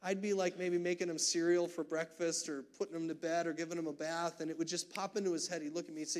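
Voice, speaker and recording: A man's voice: on the high side, flat delivery, fast, few pauses. A man in his thirties preaching a sermon in church, telling a family story earnestly with frequent restarts. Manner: earnest storytelling with many restarts, growing emotional. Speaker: pastor. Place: church sanctuary.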